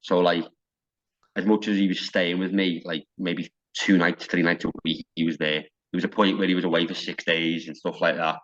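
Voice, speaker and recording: A wrestling coach from North West England tells stories in casual podcast chat, rambling, restarting sentences and quoting dialogue. His voice sits low with a level tone at a normal speed. It sounds a bit bright, with the highs cut off.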